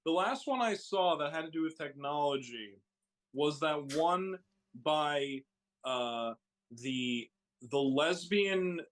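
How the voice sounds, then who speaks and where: A man's voice: fairly high pitch, animated, takes it slowly, a bit bright. A man chatting on a stream as co-host, eager and piling up "like" as he builds a point. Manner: enthusiastic, repeats "like" while building a point. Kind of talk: casual chat.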